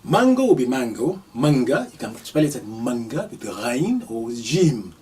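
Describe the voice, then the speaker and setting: A man teaching Arabic vocabulary in a live lesson, repeating each word several times with careful, deliberate enunciation. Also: mid-range voice, sing-song, dark tone, recorded from a distance. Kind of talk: live vocabulary lesson, slow repetition drills.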